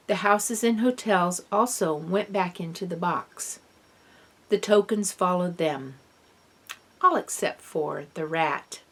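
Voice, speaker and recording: Woman narrating a children's novel. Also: lowish voice. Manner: first-person, expressive. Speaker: audiobook reader. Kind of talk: storybook narration.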